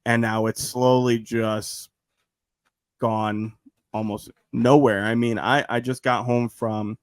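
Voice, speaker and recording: A man talking casually as a podcast guest, animated and rambling with lots of restarts. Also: medium pitch, slow pace, clean tone, no echo. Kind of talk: casual chat.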